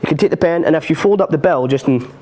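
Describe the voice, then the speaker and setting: A man's voice: a little high, quick pace, warm tone. A man teaching card and coin magic on a live stream, chatty and self-mocking, laughing often. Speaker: magic instructor.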